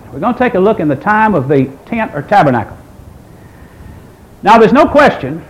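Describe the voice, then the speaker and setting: A preacher in his sixties with a high, lively voice that rises and falls widely. He speaks emphatically, firing off rhetorical questions. A faint lilt colours his sermon. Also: low-quality recording. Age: 60s. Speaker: pastor.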